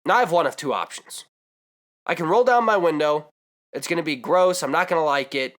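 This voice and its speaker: A man's voice: a little high, expressive, a little fast, fairly bright tone. A young man vlogging, telling a comedic story with exaggerated asides and rambling digressions.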